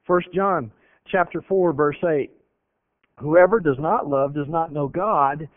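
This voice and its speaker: A man preaching a sermon, emphatic, swinging between loud stresses and hushed lines and slowing down when he quotes scripture. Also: a little high, no echo. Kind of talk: radio sermon. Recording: tinny lo-fi radio broadcast.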